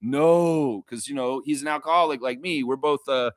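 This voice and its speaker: A man's voice: mid-range voice, moderate pace, dry recording, studio quality. A man hosting a casual sports live stream, rambling, laughing often and reading chat aloud. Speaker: livestream host. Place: Toronto.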